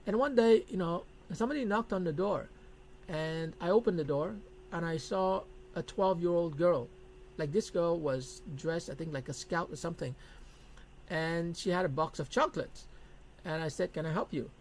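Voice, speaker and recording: A man's voice: fairly high pitch, moderate pace, a little hiss or hum, poor audio. A middle-aged man teaching a business lesson in a blunt, emphatic way, repeating his key points. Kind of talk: lecture to camera.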